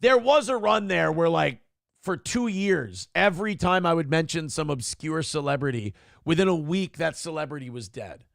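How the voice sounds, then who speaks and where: A man's voice: on the high side, expressive, moderate pace, gravelly, fairly bright tone, dry recording. A male morning show host giving comedic, ranting commentary, sarcastic and profane as he mocks celebrities, on a close mic.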